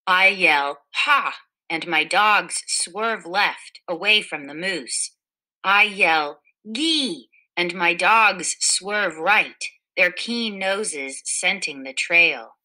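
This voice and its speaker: A woman reading a children's picture book aloud in a gentle storytelling manner, livening up the quoted lines. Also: on the low side, slow, poor audio. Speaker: storybook reader.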